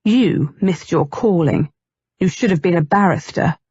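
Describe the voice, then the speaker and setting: A woman's voice: lowish voice, animated, measured pace, mellow, breathy edge, no room sound, highs cut off, exaggerated voice. A woman reading a brooding undead young man. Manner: gloomy, terse, frustrated. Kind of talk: audiobook character reading.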